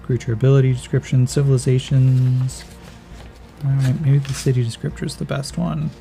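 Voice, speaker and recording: A man's voice: mid-range voice, flat delivery, normal speed, vocal fry, dark tone, soft background music. A man narrating a solo tabletop role-playing game, thinking aloud and calling out dice rolls in a casual way.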